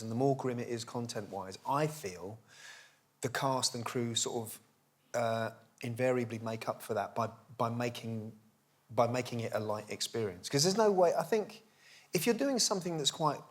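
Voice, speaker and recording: Reflective actor on a chat show. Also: male voice, mid-range voice, animated, moderate pace. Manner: reflective, thinking aloud. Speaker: actor guest.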